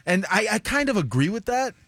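Lively, animated male co-host. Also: high voice, no echo. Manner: animated, argues his point with quick retellings. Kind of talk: casual studio banter.

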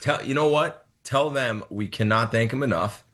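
A man's voice: medium pitch, normal speed, fairly bright tone. A man in his thirties, a head football coach, explaining his choices in a radio interview and repeating words as he thinks.

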